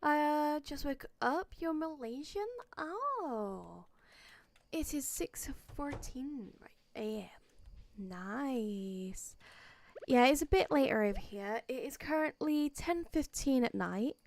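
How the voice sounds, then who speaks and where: A woman's voice: high voice, expressive, slow. A woman streaming a farming game, chatting casually with viewers and playfully talking to in-game items with frequent giggles. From Wales. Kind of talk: casual live-stream gameplay chat.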